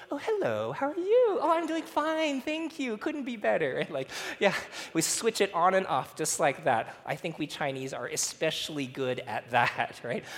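A man preaching a sermon as pastor, talking conversationally and telling lively stories. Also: on the high side. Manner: conversational, animated storytelling with laughs. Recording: reverberant hall.

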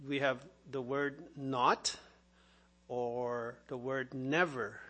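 A man preaching a sermon, explaining scripture in a deliberate, teaching manner with occasional fillers. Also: medium pitch, steady tone, pushed and bright.

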